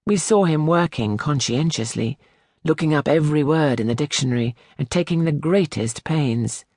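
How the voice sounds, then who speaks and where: Measured male audiobook narrator, dry sound. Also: a little high, no room sound. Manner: measured, expressive storytelling. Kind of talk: scripted literary narration.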